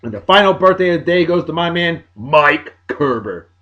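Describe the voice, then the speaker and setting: A man, hosting a show and giving chatty, upbeat shout-outs with playful asides. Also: fairly high pitch, animated, normal speed, highs cut off. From Massachusetts, USA. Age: 40s. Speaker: video show host. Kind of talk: casual birthday shout-outs.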